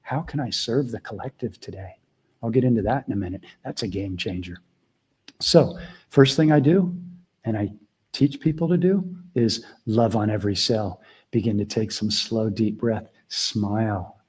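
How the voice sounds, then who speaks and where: A middle-aged man mentoring a group on a video call, talking earnestly and casually, shifting between quiet asides and emphatic points. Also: lowish voice, normal speed, breathy edge. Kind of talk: casual teaching talk.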